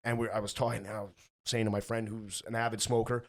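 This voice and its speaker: A young man hosting a podcast, telling stories in a casual, animated, profane way. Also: lowish voice, quick pace. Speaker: podcast host. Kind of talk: casual chat.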